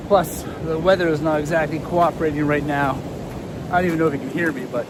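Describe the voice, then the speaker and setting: A man's voice: fairly high pitch, fairly even intonation, fast talker. Middle-aged man, chatty vlogger, outdoors on a windy trail, slightly breathless, faint background noise. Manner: chatty, easygoing, talks to viewers while hiking. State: a little out of breath. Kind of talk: casual walking vlog.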